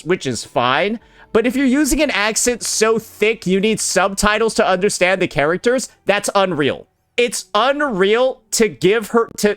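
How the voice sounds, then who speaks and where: A man's voice: high-pitched, a bit bright, no room sound. Swearing, incredulous gaming YouTuber man. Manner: blunt, incredulous, keeps saying bro. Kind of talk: profane reaction commentary.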